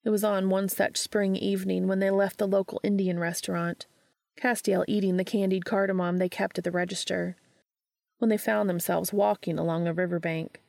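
A woman narrating a story aloud in a steady, measured way. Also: mid-range voice, creaky, no echo, studio quality.

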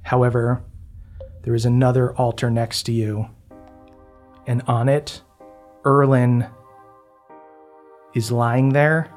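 A man's voice: mid-range voice, level tone, slow pace, long pauses, darkish tone, soft background music. A man narrating as game master of a tabletop game, laughing often and keeping things light. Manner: laughs often, upbeat and joking.

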